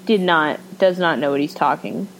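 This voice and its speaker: A woman's voice: sits low, normal speed, slight background noise, low-quality recording. A young woman co-hosting a podcast, chatting casually and gushing with jokey enthusiasm. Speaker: podcast co-host. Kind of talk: casual chat.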